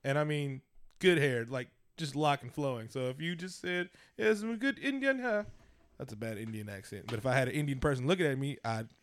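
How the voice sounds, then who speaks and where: Loud teasing man, dry close mic. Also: mid-range voice, brisk, no echo. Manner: loud, teasing, laughing, profane. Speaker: podcast co-host. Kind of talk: casual banter.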